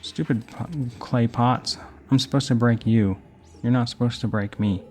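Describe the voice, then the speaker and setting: A man's voice: mid-range voice, steady tone, moderate pace, darkish tone. A young adult man casually commenting on a video game while telling rambling personal stories, with game music underneath. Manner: rambling storytelling while playing. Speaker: gaming host. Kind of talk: casual let's play commentary.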